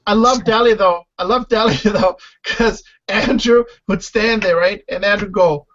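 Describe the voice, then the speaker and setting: A man, a former reality show contestant, telling house stories in a casual podcast interview, animated and loud when mimicking others. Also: sits high, moderate pace, hardly any pauses. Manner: animated storyteller, shouts when imitating others. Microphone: online call. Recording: lo-fi online call audio.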